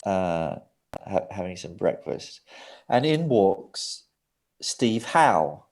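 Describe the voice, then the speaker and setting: A man's voice: low-pitched, sing-song, very slow, a little mellow. Middle-aged man, interview guest, rambling anecdote, acts out quotes. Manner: rambling, vivid storytelling with acted-out quotes. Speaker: guest, record producer. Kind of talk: animated anecdote in a sit-down interview.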